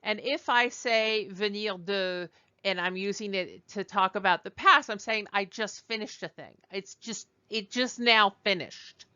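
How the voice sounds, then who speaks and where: A woman teaching a language lesson over slides, explaining slowly and digressing as she goes. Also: mid-range voice, sharp tone, clear, resonant tone, dull audio. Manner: explanatory, digressive, with fillers and restarts. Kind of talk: recorded lecture over slides.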